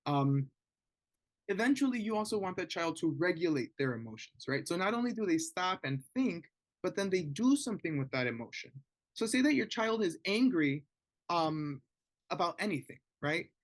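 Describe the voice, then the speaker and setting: A man giving a conversational webinar talk to parents, often pausing to ask "right?" as a check-in. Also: high voice, sing-song. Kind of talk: informal educational talk.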